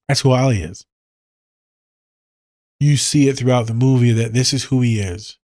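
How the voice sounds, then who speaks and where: A man hosting a podcast, giving blunt, profane advice and telling animated stories in a casual monologue. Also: mid-range voice, normal speed, pauses often, no room sound, studio quality. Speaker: podcast host.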